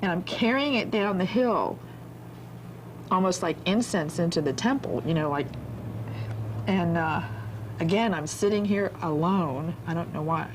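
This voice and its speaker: A woman's voice: on the low side, unhurried, pauses often, noisy background. A middle-aged woman telling the emotional story of reuniting with her daughter, in a tender, rambling way with a few laughs. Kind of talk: emotional personal testimony.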